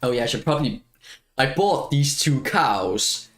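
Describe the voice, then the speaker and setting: A man's voice: mid-range voice, lively intonation, measured pace, a bit bright. A man streaming a video game, chatting casually as he plays, rambling and self-mocking and laughing often. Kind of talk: casual gameplay chat.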